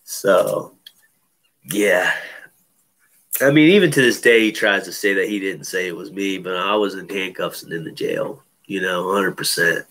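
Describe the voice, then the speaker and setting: A man's voice: low voice, a little slow, fairly bright tone. A man telling a personal story in casual chat, loose and profane, full of fillers. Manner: loose, profane, many fillers like "you know".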